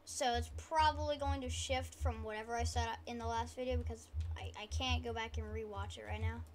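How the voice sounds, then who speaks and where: Rambling woman gamer talking softly. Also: on the high side, a little hiss or hum. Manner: rambling, self-deprecating, trying to talk quietly. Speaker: gaming YouTuber. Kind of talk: casual gameplay commentary.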